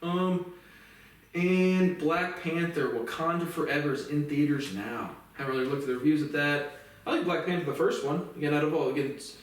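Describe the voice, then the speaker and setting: A man talking alone on his show in a casual, rambling monologue, blunt and full of swearing. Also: medium pitch. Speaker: podcast host. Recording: echoey room, mic at a distance.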